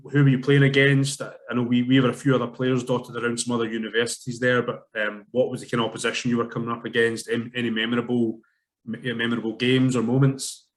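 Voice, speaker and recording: A man interviewing a student player, asking friendly, encouraging questions. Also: medium pitch. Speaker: interviewer, program founder. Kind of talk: casual interview.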